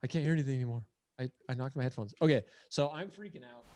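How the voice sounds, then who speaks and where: A man's voice: medium pitch, racing, very noisy. A man telling a story in a casual podcast chat, acting out his own quoted lines and saying "like" and "dude" a lot. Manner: animated, acts out quotes. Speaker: podcast guest. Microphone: headphones on, live podcast.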